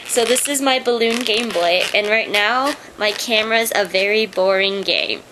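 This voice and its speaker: A woman's voice: medium pitch, moderate pace, hardly any pauses, pushed and bright, slight background noise, low-quality recording. A young woman chatting casually to her webcam, rambling through stories and gushing sign-offs. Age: young adult. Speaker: vlogger. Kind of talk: casual vlog chat.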